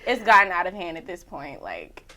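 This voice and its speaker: A woman's voice: on the low side, huge pitch swings, moderate pace, pushed and bright. Young woman co-host, casual pop-culture chat, filler-heavy talk. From Richmond, Virginia. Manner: chatty, many "like" fillers.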